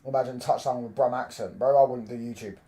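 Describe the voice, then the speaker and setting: A young man, chatting casually on a football watchalong stream, swearing freely and breaking into loud reactions to the match. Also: medium pitch, fairly even intonation, quick pace. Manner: loose, swearing banter, reacts loudly to the match. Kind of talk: casual live-stream chat.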